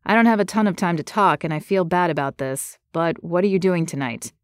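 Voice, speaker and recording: A woman's voice: on the low side, brisk, no room sound, clean studio sound, natural voice. A woman voicing a wry laid-back man. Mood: easygoing. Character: laid-back adult male lawyer, wry.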